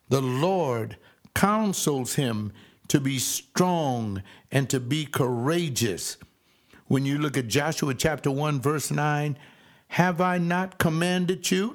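An older man preaching a sermon over a webcast, fervent, swinging between loud exclaiming and slow, low emphasis.

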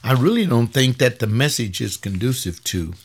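A tired, aching male pastor giving a webcast talk in a voice of ordinary pitch. He rambles in a loose, conversational way, firing off blunt rhetorical questions. He often sinks low and quiet, then climbs sharply when he pushes a point. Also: expressive, moderate pace, husky. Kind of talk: webcast commentary reading and answering a paper.

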